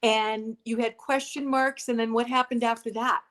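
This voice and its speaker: A woman hosting a casual interview chat, lively and playful with her guest. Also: a little high, normal speed. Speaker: host.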